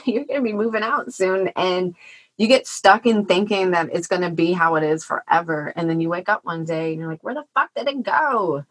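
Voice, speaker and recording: Lower-voiced woman hosting a candid podcast. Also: fairly bright tone, rough recording. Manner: candid, swears casually. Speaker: podcast host, mother. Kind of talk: casual interview chat.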